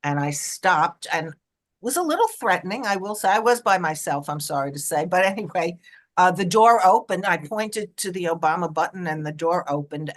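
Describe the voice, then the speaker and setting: Lively New York woman telling a story. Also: sits low. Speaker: panelist, volunteer canvasser. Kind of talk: storytelling anecdote.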